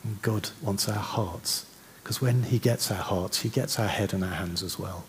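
Deep-voiced male preacher, conversational sermon delivery, faint background noise. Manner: conversational, with restarts, slowing to soft reflective passages.

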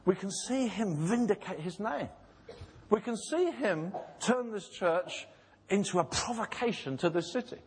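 A man's voice: high-pitched, breathy edge. A man preaching a sermon in a church, impassioned and pleading, acting out voices in retold scenes. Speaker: pastor.

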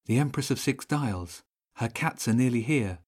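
A man voicing a calm, serious animal companion in a storybook reading, quiet and measured. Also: medium pitch, slightly rough. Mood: grave.

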